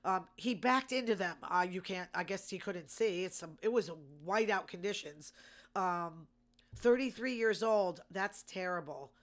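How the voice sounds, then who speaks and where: A woman's voice: lowish voice, measured pace, fairly bright tone. Indignant woman ranting. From Massachusetts. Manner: indignant, sarcastic rants with rhetorical questions. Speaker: host. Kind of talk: casual news commentary.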